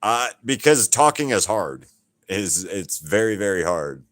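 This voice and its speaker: A middle-aged man from Alabama with a very low, deep voice chats loosely with his livestream viewers. He rambles from thought to thought and swears without a second thought. The sound is close and dry. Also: big pitch swings, unhurried, a bit bright, no room sound. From Alabama, USA. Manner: rambling, swears freely, talks straight to chat. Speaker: painter talking to viewers on a livestream. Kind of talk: casual livestream chat.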